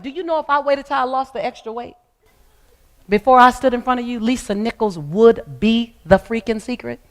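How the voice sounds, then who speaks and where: A woman's voice: on the high side, moderate pace. A middle-aged woman giving a motivational speech on stage, with an emphatic, repetitive preaching cadence. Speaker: motivational speaker. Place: stage before a live audience. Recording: long hall reverb.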